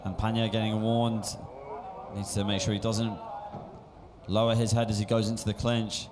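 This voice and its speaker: A man giving live blow-by-blow boxing commentary with brisk play-by-play calls that lift at big moments. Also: on the low side, flat delivery, background noise. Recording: commentary over loud music.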